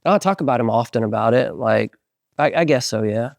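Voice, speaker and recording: Middle-aged man telling a lively story. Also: medium pitch, fairly quick, creaky, dry recording, studio quality. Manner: animated storyteller, many fillers, acts out quotes. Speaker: interviewed musician. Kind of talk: casual storytelling interview.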